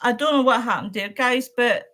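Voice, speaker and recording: A woman's voice: on the high side, normal speed, fairly bright tone. A woman from Scotland co-hosting a casual live-stream chat about films over a home video call. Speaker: co-host of a film chat stream.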